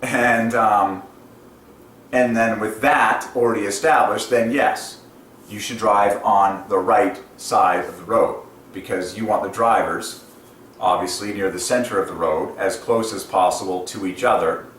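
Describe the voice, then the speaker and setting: A man's voice: on the low side, fairly even intonation, measured pace, fairly bright tone. A man hosting his channel, ranting enthusiastically in a casual monologue and laughing often. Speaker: channel host. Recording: roomy echo, distant from mic, faint noise.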